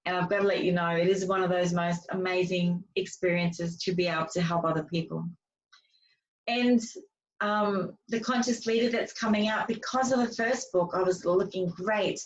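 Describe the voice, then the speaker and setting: A woman's voice: medium pitch, steady tone, normal speed. A woman speaker and author telling stories in a casual, chatty way, with many fillers and restarts. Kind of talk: casual interview storytelling. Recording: distant, dull lo-fi sound.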